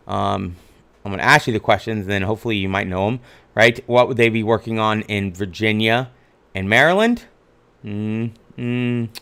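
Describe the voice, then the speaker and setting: A man's voice: fairly low pitch, gravelly, a bit bright. A man teaching a history lesson over slides, talking in a casual, rambling way with many fillers and frequent "right?" checks.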